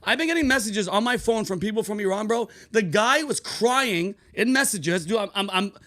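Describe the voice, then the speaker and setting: A man's voice: sits high, expressive, moderate pace, a bit bright. A man hosting a comedy podcast, talking casually in an emphatic, profane way with lots of repetition. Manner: profane, emphatic, repeats himself. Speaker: podcast host.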